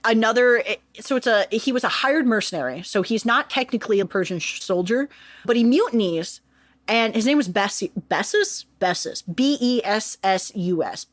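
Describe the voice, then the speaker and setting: A woman's voice: fairly high pitch, normal speed, dry recording. A woman co-hosting a podcast, retelling history casually with lots of swearing and jokes. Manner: profane, animated, jokey retelling. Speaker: podcast co-host.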